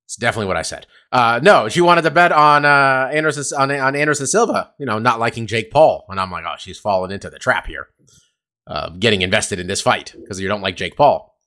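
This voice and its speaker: A man's voice: mid-range voice, expressive, brisk, sharp tone. Rambling, profane podcast guy. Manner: rambling, profane, uses lots of fillers. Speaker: podcast co-host. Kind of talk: casual chat. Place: California.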